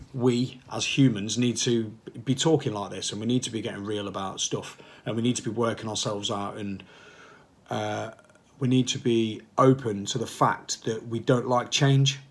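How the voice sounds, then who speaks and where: A man's voice: medium pitch, fairly even intonation, moderate pace. A man, a fitness coach, talking casually and passionately to camera, rambling and firing off repeated questions. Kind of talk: casual motivational talk to camera.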